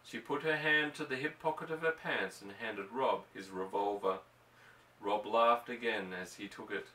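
A man reading a novel aloud in an even, unhurried narration. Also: on the low side. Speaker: audiobook reader. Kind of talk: measured story narration. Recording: roomy, distant mic.

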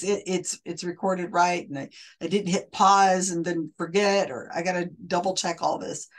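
Woman host, lowish voice, casual wry explainer who restarts her sentences as she goes. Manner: chatty, wry, self-correcting.

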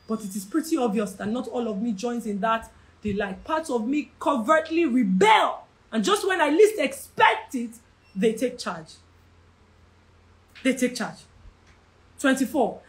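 Young woman, Nigerian English accent, Bible study teacher, high voice, very lively intonation, fervent and repetitive. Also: moderate pace. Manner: passionate, repeats phrases, shouts for emphasis.

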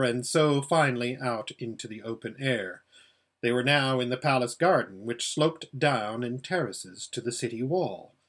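A pastor reading a children's book aloud for a public library, gentle and unhurried. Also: male voice, medium pitch. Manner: gentle, with frequent "uh" fillers.

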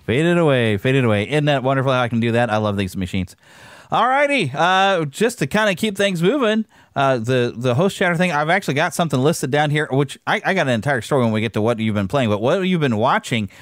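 A man's voice: on the high side, very animated, quick pace, fairly bright tone, dry recording, clean studio sound. A man hosting a podcast in casual chat, rambling and upbeat, with lots of fillers and restarts. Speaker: podcast host. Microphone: podcast microphone.

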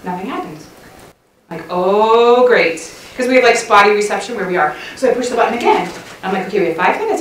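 A woman's voice: mid-range voice, expressive, a little fast, a little hiss or hum. A middle-aged woman telling a chatty, self-mocking story to a church women's session, laughing often. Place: church hall. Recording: roomy hall sound, mic at a distance.

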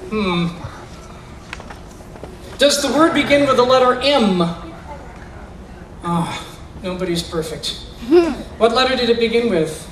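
This man's extremely high, fairly bright voice takes things slowly, pausing often, over slight background noise. He's a stage magician at a school, playfully guiding kid volunteers through mind-reading tricks. The recording is echoey, capturing him from a distance indoors in a school room or gym.

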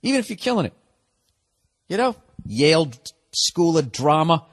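A man's voice: fairly high pitch, very animated, moderate pace. A man hosting a podcast, ranting in a profane, sarcastic, self-mocking comedic monologue. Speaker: podcast host.

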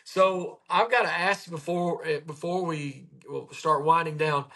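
A man hosting a casual chat, telling patient stories with animated retellings. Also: a little high, a little slow, gravelly. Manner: animated storyteller, acts out patients' words. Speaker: podcast host, chiropractor.

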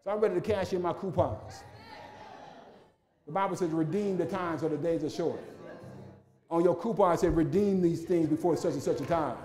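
A man's voice: a little high, normal speed, pauses often, mellow, faint music behind. A male pastor a sermon in a rhythmic, repetitive style with humorous asides.

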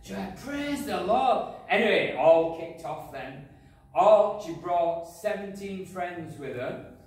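A man preaching a sermon, telling a personal testimony, going from loud praise to quiet asides. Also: sits high, a little slow. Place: church hall. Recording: echoey hall, from far off, faint noise.

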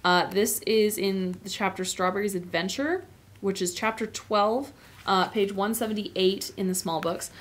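A woman's voice: mid-range voice, unhurried. A woman teacher giving an informal, chatty lecture on a novel, with many fillers and asides. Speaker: literature teacher.

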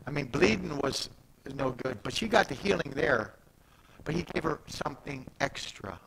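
Gravelly animated male preacher. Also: fairly high pitch, moderate pace, background noise. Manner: animated, swings from soft asides to loud emphatic peaks; conversational, retells scripture in everyday speech. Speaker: pastor. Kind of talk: sermon.

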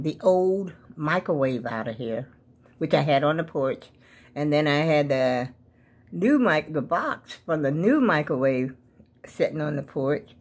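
A woman's voice: low-pitched, a little mellow. Rambling folksy woman in her seventies. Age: 70s. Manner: rambling, folksy, keeps addressing viewers as y'all. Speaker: vlogger. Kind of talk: casual chat to camera.

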